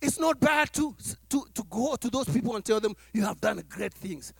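A man preaching a sermon as pastor to his church, animated, acting out little dialogues and laughing as he talks. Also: extremely high pitch, moderate pace, creaky, husky, no echo, clean studio sound.

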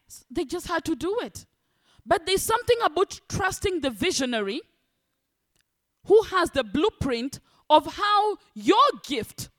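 A woman preaching a sermon, animated, acting out the voices of church members. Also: high-pitched. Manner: animated, acts out congregants' voices.

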